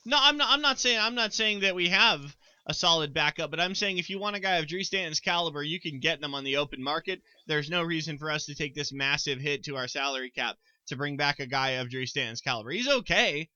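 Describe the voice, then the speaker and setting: A man's voice: on the high side, lively intonation, fast talker, hardly any pauses, bright, forceful tone, clean tone, dry recording. A man co-hosting a casual sports podcast, rambling with stammered restarts and frequent ums. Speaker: podcast co-host.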